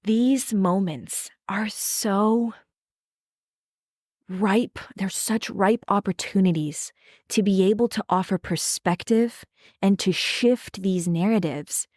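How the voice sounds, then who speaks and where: Earnest woman podcast host, mid-pitched voice, talks straight to listeners, dry close sound. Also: takes it slowly, a little mellow, no echo. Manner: earnest, emphatic, addresses listeners directly. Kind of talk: reflective podcast talk.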